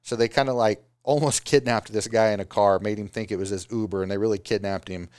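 A man's voice: lowish voice, fast talker, clean tone, no echo, studio quality. A man who owns a small business, giving casual motivational advice and now and then putting on mocking voices. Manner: animated, does mocking voices of excuses.

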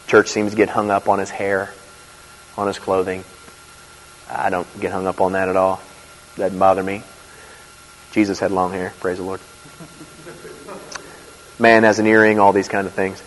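A man preaching a sermon in a conversational, animated way, with asides and quick laughs. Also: lowish voice. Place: church. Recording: reverberant hall.

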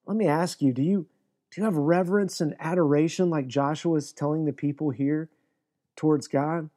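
A man's voice: a little high, fairly even intonation, normal speed, mellow. A man preaching an earnest, emphatic sermon as pastor, often restarting his phrases.

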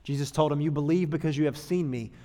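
A man's voice: a little high, fast, dark tone. A man delivering a sermon as a pastor, conversational and humorous, acting out the people he quotes. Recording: long hall reverb.

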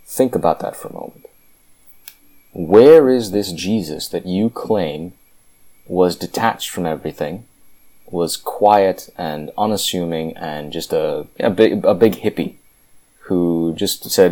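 Low-voiced guy ranting fervently about scripture, emphatic and punchy. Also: measured pace, long pauses, a little mellow. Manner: fervent, emphatic, with frequent restarts. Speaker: Christian commentator. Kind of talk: impassioned Bible commentary.

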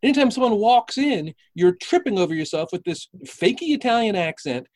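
A man's voice: high voice, very animated, a little fast, darkish tone. Exasperated man on a video call. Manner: exasperated, accusing. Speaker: guest, pizzeria worker. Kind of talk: improv comedy.

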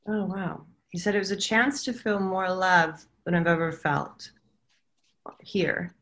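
A woman speaking as a psychic medium, chatty and excitable, relaying what she senses. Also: fairly low pitch, unhurried. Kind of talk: casual chat.

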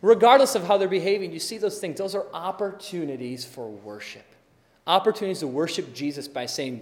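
A man's voice: high-pitched, a little fast. Man preaching in a reverberant hall. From Wisconsin, USA. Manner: conversational and animated, acts out little scenes. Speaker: pastor. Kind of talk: sermon.

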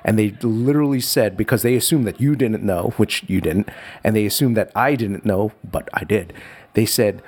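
Animated storytelling man, casual chat. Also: lowish voice, moderate pace, breathy edge. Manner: animated, lots of restarts, acts out voices.

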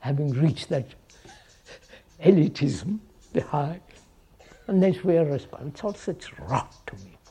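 A man's voice: fairly high pitch, very animated, measured pace, pauses often, mellow, breathy edge. A man giving a reflective public talk to an audience, posing questions and repeating phrases, often checking with "right?". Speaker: speaker addressing an audience.

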